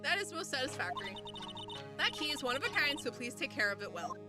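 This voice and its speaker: A woman's voice: high-pitched, big pitch swings, fast, over loud music. A woman reading a game aloud, voicing a prim, condescending older woman who speaks with stiff, overly polite formality.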